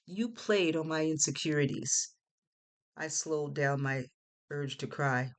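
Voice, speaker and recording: A woman's voice: deep voice, takes it slowly. A woman, the author, reading her own story in first-person narration, earnest and emotive. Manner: earnest, emotive, voice rising when indignant.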